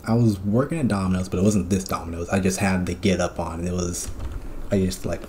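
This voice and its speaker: Man, very low voice, swearing a lot, rambling casual story, faint typing behind. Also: fairly quick, dark tone, a little hiss or hum. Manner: profane, rambling storytelling with many fillers. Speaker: streamer. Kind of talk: casual chat, recounting a dream.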